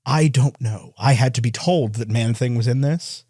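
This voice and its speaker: A man's voice: medium pitch, moderate pace, a little mellow, slightly rough, dry recording, clean studio sound. A man co-hosting a movie podcast in casual chat, joking and swearing, often laughing. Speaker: podcast co-host.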